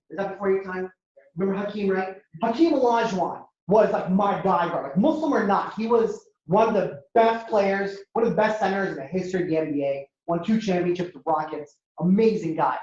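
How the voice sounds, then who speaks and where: A young man from Ohio telling stories as a stand-up speaker, acting out characters with sudden jumps in pitch. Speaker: comedian and speaker. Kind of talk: storytelling stand-up talk to an audience. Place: university lecture hall. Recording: echoey hall, dull lo-fi sound.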